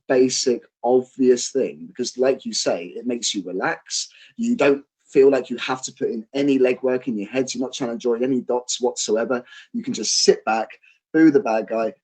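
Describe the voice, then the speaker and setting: A man's voice: medium pitch, poor audio. Chatty male wrestler telling stories. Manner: animated, acts out quotes, fillers and restarts. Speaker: guest, professional wrestler and trainer. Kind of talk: casual interview storytelling.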